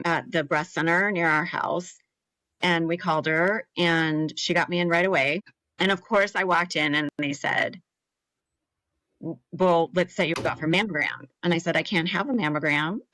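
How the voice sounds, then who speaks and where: A woman in her thirties recounts her own story as an interview guest, her voice sitting somewhat low. She speaks earnestly and with emotion, briefly acting out the voices of others. The recording is dry and close, with no room sound. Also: a bit bright, dry recording, low-quality recording. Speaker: podcast guest, cancer survivor.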